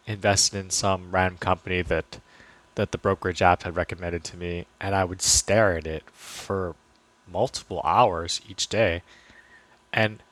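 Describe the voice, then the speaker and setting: A man's voice: low-pitched, steady tone, normal speed, pauses often, fairly bright tone, no room sound. A man talking casually about investing to his viewers, chatty and loose, full of fillers and restarts. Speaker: finance vlogger. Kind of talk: casual talk to camera.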